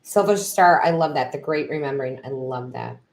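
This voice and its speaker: A woman's voice: rumbling low, fairly quick. Emotional woman reading tarot live. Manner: emotional, effusive, tearful exclamations. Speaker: tarot reader and medium. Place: home room. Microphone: built-in computer camera mic.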